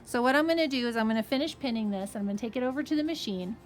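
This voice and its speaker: A woman's voice: on the high side, expressive, racing, faint music behind. A woman who runs a fabric shop, explaining a sewing project in a chatty, casual way and checking in with "okay?" as she goes. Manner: chatty, friendly asides, frequent "okay?" and "right?".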